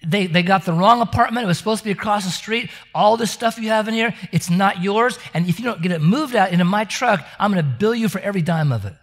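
A man's voice: high-pitched, fast, hardly any pauses. A man preaching a sermon, telling stories with frequent stammering restarts and acting out the characters' voices. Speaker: pastor. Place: church service.

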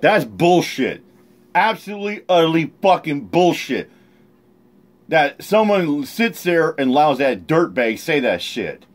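A man with a fairly high voice delivers angry reaction commentary. He rants in a heated, profane way, breaking off his points to vent. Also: very animated, a little slow. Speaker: online commentator.

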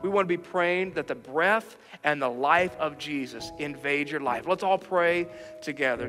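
A man's voice: on the high side, normal speed, big-room sound, music in the background. A man preaching an earnest, encouraging sermon for a livestream, driving points home through repetition. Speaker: pastor. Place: church livestream.

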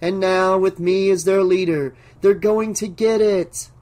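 A man voicing an entranced bank manager who talks slowly in a dreamy, sing-song way, reading an audiobook. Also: high-pitched, fairly even intonation, a little mellow, voice pushed up. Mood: dreamy, grandiose. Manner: slow, sing-songy, dreamy.

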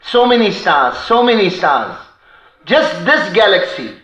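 High-voiced, fast preacher in an echoey hall. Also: male voice, sing-song, a bit bright, dull audio. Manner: impassioned, quotes Arabic poetry in rapid recitation. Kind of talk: sermon. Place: mosque hall.

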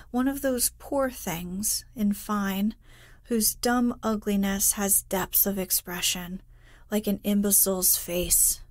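Calm woman narrator for a bedtime reading; unhurried, hushed, mid-pitched, dry studio sound. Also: no room sound. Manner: soft, hushed, drifting into whispers. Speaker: bedtime story reader. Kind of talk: slow, soothing sleep-story narration.

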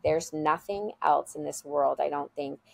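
A woman guest on an interview show speaks with a fairly low voice and plenty of vocal fry. She tells her story in an earnest, heartfelt way. She sounds like she is talking over a video call. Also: unhurried, darkish tone, dry recording. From USA. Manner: earnest, heartfelt anecdote-telling. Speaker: school leader, guest.

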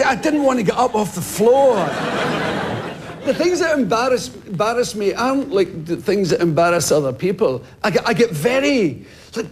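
A man in his fifties, a comedian telling stories in a TV interview and bursting into shouted impressions of people in the street. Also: high voice. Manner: lively, swings into loud shouted impressions of people. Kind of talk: animated storytelling in a TV interview. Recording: TV studio with audience and some noise. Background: audience laughter.

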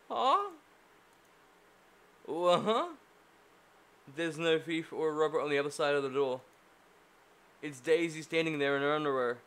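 A man playing a game aloud, reading its first-person narration and breaking off into loud, profane jokes and rants. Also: fairly high pitch, lively intonation, moderate pace, faint music behind. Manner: profane, loud joking outbursts. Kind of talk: let's-play commentary and first-person narration.

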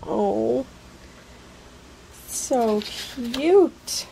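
A woman unboxing a package on her craft vlog, gushing with excitement and many fillers. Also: a little high, very slow, vocal fry, slight background noise, rough recording. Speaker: craft vlogger.

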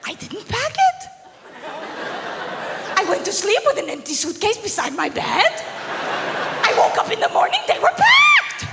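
A woman from Canada doing a stand-up comedy set, animated and laughing often as she acts out little voices. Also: very high voice, moderate pace, creaky, pauses often. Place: comedy club stage before a live audience. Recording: live hall recording with crowd noise.

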